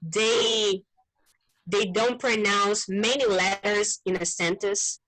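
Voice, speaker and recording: Animated non-native English-speaking woman. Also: medium pitch, slow pace, low-quality recording. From Brazil. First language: Portuguese. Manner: animated, repeats words while searching for them. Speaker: meeting participant. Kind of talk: casual group chat.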